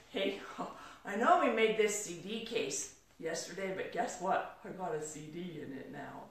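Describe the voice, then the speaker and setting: A woman telling a motivational story as a mentor, animated, moving between hushed and excited. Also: lowish voice, far from the mic, a little hiss or hum. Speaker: mentor and speaker. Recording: very echoey room, from off-mic.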